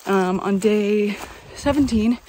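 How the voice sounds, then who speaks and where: A woman's voice: medium pitch, slow, mellow, slight background noise, poor audio. A woman from North Carolina talking to her phone outdoors on a mountain trail, chatty and upbeat. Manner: chatty, upbeat, loose and rambling. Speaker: vlogger. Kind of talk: casual on-the-go vlog talk. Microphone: handheld phone.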